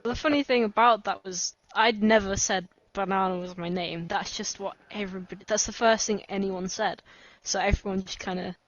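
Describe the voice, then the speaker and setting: A woman speaks in a soft, self-deprecating way and laughs often. Her voice sits mid-range and comes through dry and dull, as over a lo-fi voice chat. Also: medium pitch, fairly even intonation, normal speed, dry recording. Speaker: podcast guest. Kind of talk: casual chat.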